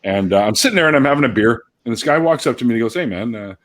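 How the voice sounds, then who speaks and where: Animated, husky-voiced man telling stories. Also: mid-range voice, rapid-fire, dry recording. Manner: animated, laughing storyteller who swears freely. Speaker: host. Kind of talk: casual storytelling chat.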